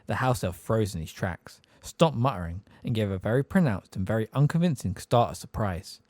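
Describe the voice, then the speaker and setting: Man reading an audiobook, lively up-and-down voice, dry close sound. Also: fairly low pitch, fairly quick, dry recording. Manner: expressive storytelling. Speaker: audiobook reader. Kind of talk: audiobook narration.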